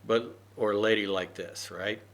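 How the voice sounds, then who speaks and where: A man's voice: lowish voice, fairly even intonation, normal speed. A man explaining an English idiom with loose personal stories, rambling with many fillers and asking "right?" often. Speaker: English teacher. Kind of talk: unscripted idiom lesson.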